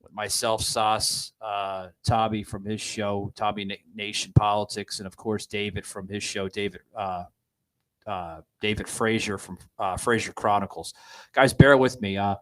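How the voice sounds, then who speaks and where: A man hosting a podcast, giving political commentary in a halting, distraught way with many restarts. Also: fairly low pitch, fairly even intonation, a bit bright, rough recording. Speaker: podcast host.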